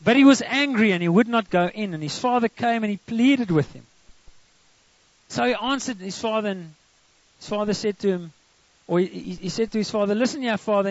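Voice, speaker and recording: A man's voice: high voice, no echo. A man preaching a sermon, retelling a story and acting out the quoted lines in dramatic voices. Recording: dry, dull lo-fi sound.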